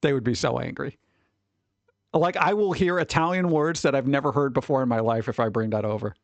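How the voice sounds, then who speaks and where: A man's voice: medium pitch, a little fast, no echo, dull audio. A man hosting a stream, chatting casually in a rambling way, with some swearing and chuckles. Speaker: streamer host. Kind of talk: casual chat.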